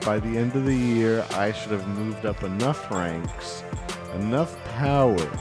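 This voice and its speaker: A man co-hosting a comedy podcast, spinning absurd bits in a deadpan, drawn-out way. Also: on the low side, music in the background. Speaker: co-host.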